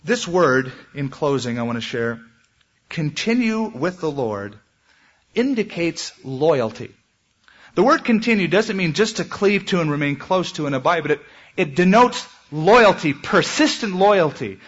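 A man preaching a sermon as pastor, with animated delivery and dramatic swings in pitch. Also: measured pace, husky, dull audio.

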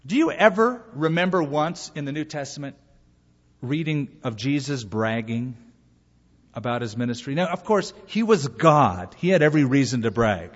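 A male pastor preaching a sermon in a lively way, acting out bits of dialogue between points. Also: on the high side, moderate pace. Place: church sanctuary. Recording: muffled live recording in a reverberant hall.

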